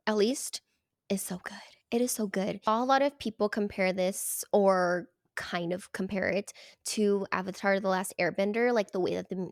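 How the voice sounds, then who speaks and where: A young woman book vlogger chatting casually and gushing about her reads, her voice a little rough from being sick. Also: mid-range voice, no echo, clean studio sound. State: sick, hoarse voice. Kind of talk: casual chat.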